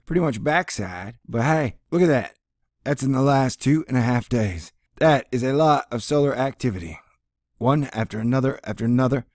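An excitable man with a slangy, jokey manner, commenting casually over space footage and throwing in playful sound effects. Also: mid-range voice, no room sound, clean studio sound. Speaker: host of a space commentary channel.

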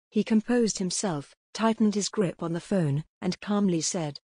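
Husky woman narrating an audiobook. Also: medium pitch, normal speed, hardly any pauses, a little mellow, no room sound, clean studio sound. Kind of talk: scripted narration.

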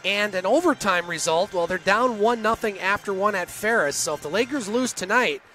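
A man calling hockey play-by-play in rapid, clipped phrases, with chatty asides to his partner and listeners. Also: sits high, sharp tone, soft background music. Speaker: play-by-play announcer.

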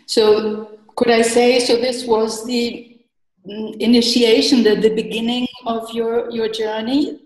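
Slow-speaking woman, echoey and distant. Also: on the high side, little pitch movement. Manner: slow, gentle, with affirming murmurs. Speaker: interviewer. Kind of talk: interview.

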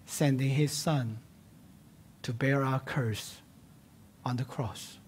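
A man's voice: medium pitch, fairly even intonation, slow, slight background noise. Emphatic man preaching a sermon. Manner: emphatic, swings from loud declarations to hushed near-whispers; conversational asides amid teaching. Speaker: pastor. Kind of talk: expository sermon.

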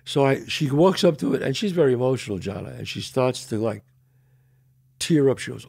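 Older guy host, gravelly, tells stories and does all the quoted voices, pitch bouncing around. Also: a little fast. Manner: animated, acts out quoted dialogue. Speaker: podcast host. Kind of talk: casual storytelling chat.

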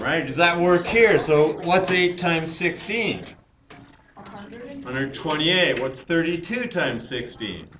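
A man's voice: a little high, fairly bright tone. Man teaching math in an echoey classroom. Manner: explains step by step, asks the class questions. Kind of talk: classroom lecture. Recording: roomy, distant classroom mic with hiss.

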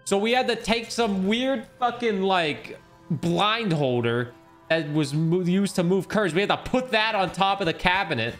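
A man's voice: sits high, moderate pace, a bit bright, soft background music. A young man streaming a game, chatting casually in a rambling, joking way and swearing freely. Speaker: gaming streamer. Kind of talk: casual chat over gameplay.

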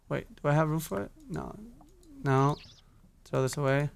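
Slight background noise accompanies a young gaming YouTuber whose voice sits on the high side with vocal fry. He speaks at a moderate pace with frequent pauses, chatting to himself, humming and swearing during a casual Minecraft let's play.

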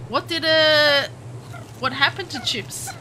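A woman's voice: high voice, slow pace, slight background noise, rough recording. A woman streaming gameplay, chatting on and eagerly greeting viewers by name. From Southern Hemisphere. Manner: chatty, greets chat by name with bursts of excitement. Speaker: game streamer. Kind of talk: live gameplay commentary.

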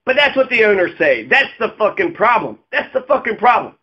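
A man's voice: high-pitched, very animated, a little fast, muffled recording. A man delivering a heated, profane political rant, full of sarcastic mocking asides. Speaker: political commentator. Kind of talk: ranting video monologue.

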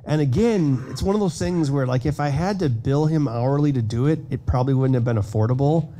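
A man giving a conference keynote in a casual, self-deprecating way, telling animated stories about his builds. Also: mid-range voice, fairly quick, slight background noise. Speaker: keynote speaker. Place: conference hall stage.

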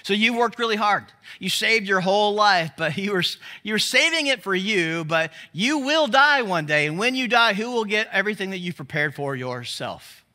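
Bright, high-voiced male pastor preaching. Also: animated, moderate pace, hardly any pauses. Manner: conversational, asks the crowd questions. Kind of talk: sermon. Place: church service.

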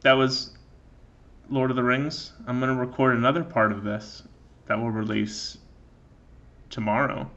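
A man's voice: medium pitch, flat delivery, unhurried, long pauses, a bit bright, muffled recording. A man giving loose, joking let's play commentary while he plays, often losing his train of thought. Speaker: gaming channel host.

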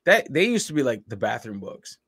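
A man's voice: medium pitch, sing-song, brisk, vocal fry, a bit bright. Rambling American reaction guy. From United States. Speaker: video reactor. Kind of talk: casual reaction chat.

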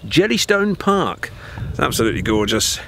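A man's voice: medium pitch, normal speed, gravelly, slight background noise. A man from the UK on a road trip, chatting and telling stories for a travel vlog with plenty of jokes. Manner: chatty, animated storytelling with joking. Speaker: vlogger. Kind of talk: casual travel vlog chat.

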